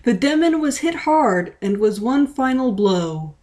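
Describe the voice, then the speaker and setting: A woman's voice: a little high, very animated, unhurried, a little mellow. A woman reading a fan story aloud in a playful, dramatic way, with small stumbles. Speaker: reader. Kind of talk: read-aloud of fan fiction.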